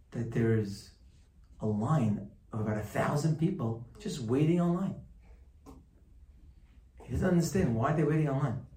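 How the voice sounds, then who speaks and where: A man preaches to a live group, telling a story with animated emphasis and playing out the dialogue. His voice is dark and mellow. He is heard from well back in a roomy, echoing space, with faint ambience underneath. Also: medium pitch, far from the mic.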